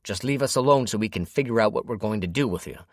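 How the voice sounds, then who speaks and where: A man's voice: fairly low pitch, lively intonation, fast, a little mellow, no echo, studio quality, pitched above the performer's own voice. A man doing an erratic, unhinged captor. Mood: dismissive. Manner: talks to himself, says "we", curt.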